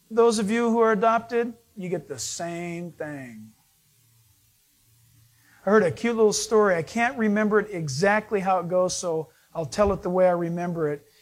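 A man preaching a conversational sermon, telling stories in a chatty way with frequent restarts. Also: high voice. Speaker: pastor.

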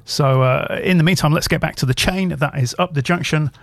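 A man's voice: a little high, a little fast, vocal fry, no echo. A man hosting a radio show, chatting casually and telling long, rambling anecdotes in a studio.

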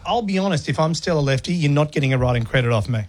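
A male radio host with a lively, swooping voice, slightly high for a man. He bounces through casual banter, joking and laughing easily. Music plays faintly under him. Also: very fast. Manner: playful, laughing, animated storytelling.

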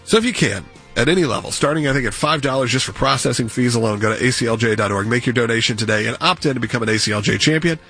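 A man hosting a talk radio show, his voice scratchy and strained as he briskly thanks a guest and appeals for donations. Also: lively intonation, a bit bright, breathy edge, faint music behind. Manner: brisk, upbeat sales pitch.

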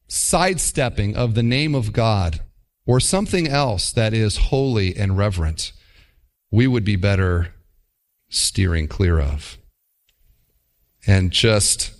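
Lively-voiced male pastor preaching. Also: on the low side. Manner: animated, wry mimicking asides. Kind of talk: sermon.

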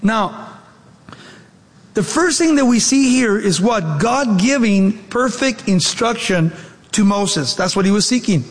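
A man's voice: high-pitched, lively intonation, unhurried, long reverb tail. A male pastor preaching a sermon, emphatic and fond of rhetorical questions.

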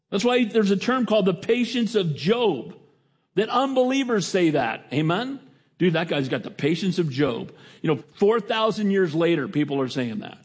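A middle-aged man preaching a sermon in a conversational way, rising to emphatic lines and dropping to quiet reflection. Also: on the high side, husky. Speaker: pastor.

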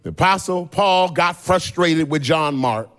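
A man preaching a sermon who swings from plain speech into a sung, shouted preaching cadence. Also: on the high side, measured pace. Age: older.

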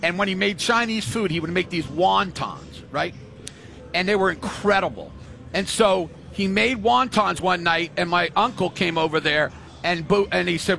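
Older man, casual talk, animated storyteller, high raspy voice. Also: moderate pace. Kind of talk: casual chat.

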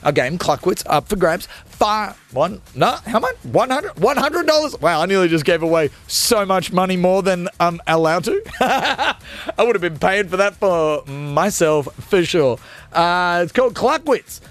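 Man, radio host, high voice, self-mocking banter. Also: moderate pace. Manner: jokey, self-mocking, energetic. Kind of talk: live radio show banter.

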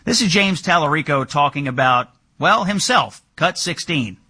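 Man, talk show host, sharp bright tone, a bit husky. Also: on the high side, moderate pace. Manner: animated, pointed questioning. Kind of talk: political talk show hosting.

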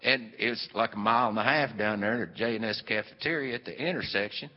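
A man's voice: lowish voice, fast. Folksy man telling a story. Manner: folksy and meandering, with many fillers. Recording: dull, hall-echoed live recording.

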